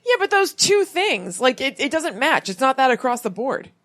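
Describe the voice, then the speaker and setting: Young woman, podcast co-host, relaxed casual chat, trailing hedges. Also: high-pitched, no room sound. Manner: laid-back, trailing hedges and quick agreements. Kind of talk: casual book review chat.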